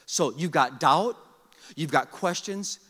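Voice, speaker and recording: A man preaching a sermon as a pastor in a church, energetic and joking, often calling on the congregation to answer. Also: a little high, slow pace. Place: church sanctuary. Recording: long hall reverb.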